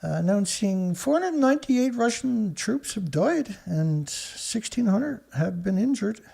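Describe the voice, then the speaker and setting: A man's voice: high voice, expressive, unhurried, gravelly, darkish tone, slightly rough. A man from Canada hosting a live-stream news show, talking casually in a sarcastic, rambling way and scoffing at headlines.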